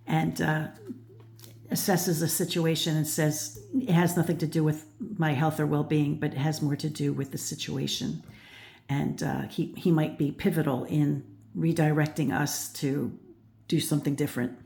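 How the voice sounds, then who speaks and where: A woman's voice: sits low, vocal fry, darkish tone. A woman, older, giving a casual tarot reading, thoughtful and rambling, with many restarts and "you know" fillers. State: out of breath at times. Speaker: tarot reader and channel host.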